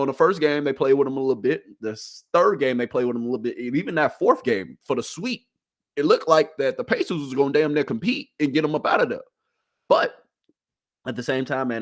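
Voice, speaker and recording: A man with a very lively, animated voice, talking sports in loose, casual slang. He teases his listeners and moves between pep talk and commentary. His pitch swings widely as he talks. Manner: animated, conversational, teasing the audience. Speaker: sports podcast host.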